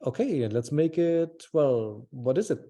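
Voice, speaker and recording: A man's voice: on the high side, expressive, unhurried, dark tone. A man teaching a small language class over a video call, patient and encouraging, thinking aloud with fillers.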